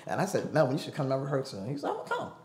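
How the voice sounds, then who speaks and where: A man with a mid-range voice races through a personal story as a studio guest in a storytelling interview. He's animated, acting out the voices of the people he quotes.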